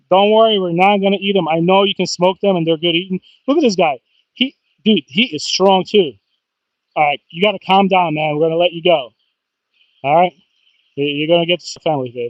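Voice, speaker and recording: High-pitched guy chatting on a fishing livestream outside, dry muffled sound, gets excited easy. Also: no room sound. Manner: excitable, chatty, bursts into whoops and laughs. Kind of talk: casual live-stream chat. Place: outdoors by the water.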